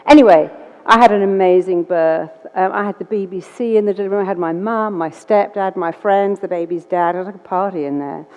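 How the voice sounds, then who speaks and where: An English woman tells a lively story, a therapist on stage who slips into other voices for the dialogue. Her voice sits at a middling pitch, carried on a long hall reverb. The recording sounds slightly dull. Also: fairly quick. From England. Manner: lively, acts out quoted dialogue in changed voices. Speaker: therapist and public speaker. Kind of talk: storytelling talk.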